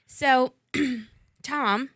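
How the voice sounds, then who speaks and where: A woman's voice: sits high, extremely slow, a bit bright. A woman hosting a podcast in casual chat, bantering bluntly and joking. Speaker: podcast host.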